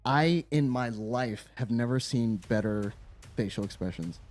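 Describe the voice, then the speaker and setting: Male co-host reviewing games, mid-pitched, relaxed and profane, rambles through his points. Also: unhurried, soft background music. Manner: rambling, loose and profane, laughs often. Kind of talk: casual chat.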